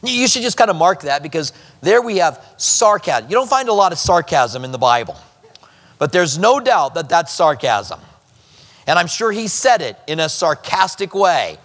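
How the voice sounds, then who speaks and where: A man's voice: fairly high pitch, big pitch swings, normal speed, fairly bright tone. A man preaching a verse-by-verse sermon as a pastor, with conversational asides to the congregation. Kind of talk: expository sermon. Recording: long hall reverb.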